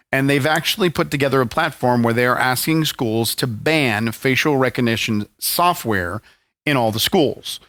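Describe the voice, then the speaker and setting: A man's voice: medium pitch, bright, forceful tone, no echo. A man co-hosting a tech talk show, laying out news in a matter-of-fact, opinionated way. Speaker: co-host. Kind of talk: news commentary in casual chat.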